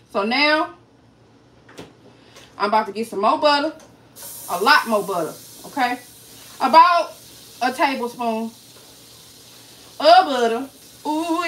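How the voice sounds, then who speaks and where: A woman with a high, slightly bright voice hosts a casual cooking livestream. She's chatty and playful, talking directly to her viewers, joking and swearing as she cooks.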